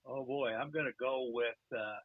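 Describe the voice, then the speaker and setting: A man's voice: mid-range voice, fairly even intonation, moderate pace, no room sound. Easygoing middle-aged man on a dull phone line. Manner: easygoing, short friendly replies. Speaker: caller and quiz contestant. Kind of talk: casual phone chat. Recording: dull, dry phone-call audio.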